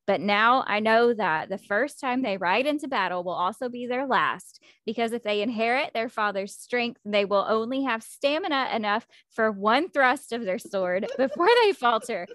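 A woman's voice: fairly high pitch, expressive, normal speed, few pauses, fairly bright tone, no echo. Book reading, woman voicing a cold, cutting queen in a dry close voice. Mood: coldly mocking. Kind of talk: reading a book passage aloud.

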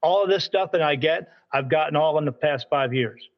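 A man's voice: fairly high pitch, a little fast, highs cut off. A man from Delaware, a spirit medium, casually telling a rambling story in an interview. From Delaware, United States. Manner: rambling, animated anecdote telling with acted quotes.

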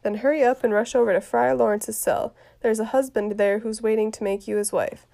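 A woman reading the part of a fussy, complaining old nursemaid aloud from a play, grumbling in a quiet voice. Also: fairly high pitch, level tone, fairly quick, creaky.

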